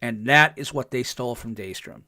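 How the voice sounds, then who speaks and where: A man's voice: medium pitch, moderate pace, no echo, studio quality. Chatty man recapping a TV episode. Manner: chatty, with frequent ums and restarts; excited, acts out characters' lines in quotes. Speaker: podcast host.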